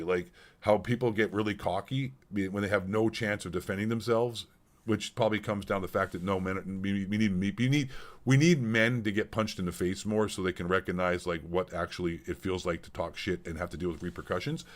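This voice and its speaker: A middle-aged man's voice, on the low side and fairly quick, carries a heated streaming monologue. He's Canadian, blunt, swears constantly, and repeats himself throughout this casual rant.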